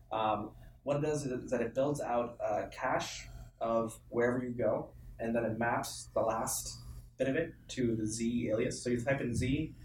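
A man co-hosting a casual tech chat, explaining things in a relaxed way. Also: mid-range voice. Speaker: co-host. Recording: roomy, distant mic, faint background hum.

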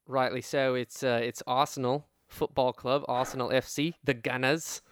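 A man's voice: medium pitch, little pitch movement, normal speed, clear, resonant tone, no room sound. A man from Washington State co-hosting a casual comedy podcast, joking around and playing a mock British accent. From Kirkland, Washington. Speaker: podcast co-host.

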